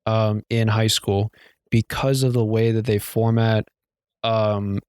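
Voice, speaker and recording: A man's voice: flat delivery, slow pace, darkish tone, clean tone, dry recording, clean studio sound. Rambling, swearing young man. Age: young adult. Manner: rambling, profane, self-mocking; shrill mocking impressions of dramatic girls. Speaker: podcast co-host. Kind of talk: casual chat.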